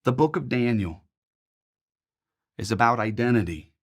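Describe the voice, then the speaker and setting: A man's voice: mid-range voice, animated. Earnest man teaching a Bible study. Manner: earnest and emphatic, with measured rhythmic pauses.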